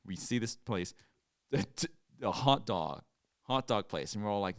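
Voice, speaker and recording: A young man co-hosting a podcast, telling stories in casual chat and loudly acting out what people said. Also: fairly low pitch, unhurried, no echo, studio quality. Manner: animated storytelling, acts out quotes loudly. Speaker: podcast co-host.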